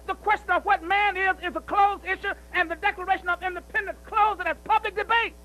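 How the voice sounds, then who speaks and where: A man preaches in a strikingly high voice, bright and forceful in tone. He drives his points home through repetition and keeps asking his listeners whether they follow him. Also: fast talker, few pauses, poor audio. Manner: emphatic, repetitive, with rhetorical questions like "see?". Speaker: speaker at a commemorative celebration. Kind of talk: preaching-style speech.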